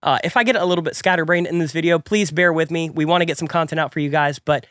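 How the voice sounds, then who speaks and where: A young man hosting a music production tutorial, his voice a little stuffy from a cold. He talks quickly in a slightly high register, upbeat and chatty, rambling a bit. The sound is dry and close, with no room echo. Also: fairly even intonation, a bit bright. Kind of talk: casual tutorial talk.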